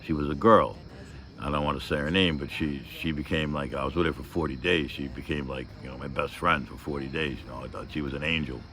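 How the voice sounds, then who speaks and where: Deep-voiced man telling a raw story. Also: steady tone, quick pace, bright, forceful tone. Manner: profane, rambling, emotional, full of fillers. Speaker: vlogger telling a personal story. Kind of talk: casual storytelling monologue.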